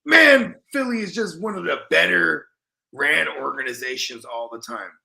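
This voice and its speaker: Young man, podcast co-host, casual rambling sports chat, gravelly, bright sharp tone. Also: on the high side, moderate pace. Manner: loose, profane, rambling banter.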